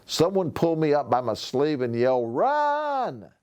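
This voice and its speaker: A man's voice: mid-range voice, a little fast, smooth. A sheriff, a man, reading a novel aloud expressively to schoolchildren. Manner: expressive storytelling.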